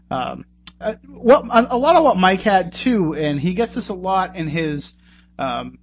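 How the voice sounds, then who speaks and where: A man's voice: high voice, slight background noise. Chatty man hosting a radio show. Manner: chatty, joking, conversational. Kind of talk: casual radio chat. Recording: dull lo-fi radio recording.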